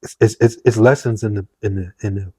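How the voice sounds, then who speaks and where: Man, casual host, lively quoting, low voice, dry mic. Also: a little fast, breathy edge, dry recording. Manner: animated storytelling, acts out quotes. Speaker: podcast host. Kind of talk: casual conversation.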